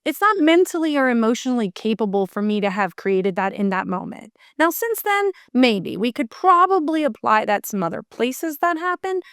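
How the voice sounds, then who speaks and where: A woman's voice: fairly high pitch, sing-song, normal speed, hardly any pauses, fairly bright tone, clean tone, dry recording. Earnest woman, dry close mic. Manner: earnest, rambling with many restarts. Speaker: podcast guest. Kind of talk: emotional personal storytelling.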